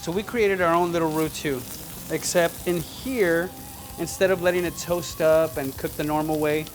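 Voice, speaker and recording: A man's voice: a little high, steady tone, normal speed. A man hosting a cooking show, chatting upbeat to the viewer as he cooks. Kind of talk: casual cooking demonstration. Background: sizzling pan and background music.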